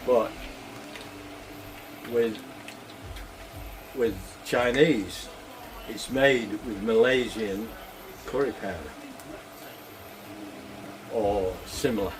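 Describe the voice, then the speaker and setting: Speaking extremely slowly with frequent pauses, an older man with a lowish voice cooks at home against a noisy background. The cooking vlogger keeps the chat casual, rambling, chuckling, and plain-spoken.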